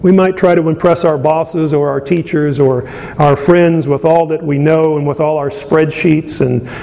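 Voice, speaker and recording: A man preaching a conversational sermon, chuckling often and filling pauses with ums and uhs. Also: fairly even intonation, gravelly, mellow. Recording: long hall reverb, faint rumble.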